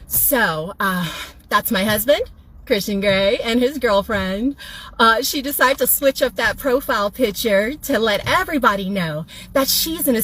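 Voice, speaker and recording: A woman speaks into her phone in a biting, sarcastic tone, using mock-polite praise. Her voice is fairly high. She talks with a pointed, cutting edge throughout. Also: husky, low-quality recording. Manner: sarcastic, mocking congratulations. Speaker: wife addressing her husband's girlfriend. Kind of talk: sarcastic social media rant.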